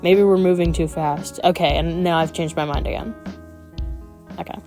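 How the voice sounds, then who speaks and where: A woman's voice: fairly low pitch, fairly even intonation, moderate pace, warm tone. A woman reading a visual novel aloud as a gaming streamer, with wry, playful asides. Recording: game music playing behind.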